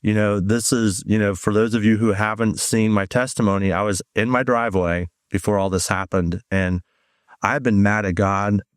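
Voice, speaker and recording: Man, low voice, guest giving a rambling personal testimony, dry close sound. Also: moderate pace, clean tone, dry recording. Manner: rambling, animated storytelling with many fillers. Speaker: guest sharing his testimony. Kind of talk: conversational testimony.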